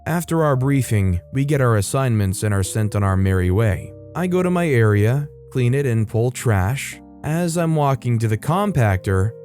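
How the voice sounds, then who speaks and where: A man narrates stories at a middle pitch, casual and conversational, dropping wry comments between passages. Soft guitar music plays faintly underneath. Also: expressive, moderate pace, hardly any pauses. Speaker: host reading online stories.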